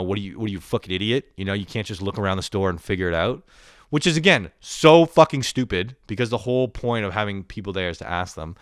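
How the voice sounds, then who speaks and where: Young guy, low smooth voice, profane rambling storyteller, close dry mic. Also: dry recording. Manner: profane, rambling, animated retelling. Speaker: vlogger. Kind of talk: casual storytelling monologue.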